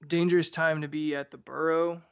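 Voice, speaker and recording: Gravelly man on a dull podcast mic. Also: on the high side, little pitch movement, a little fast, no echo. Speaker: podcast co-host. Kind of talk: casual book-discussion chat.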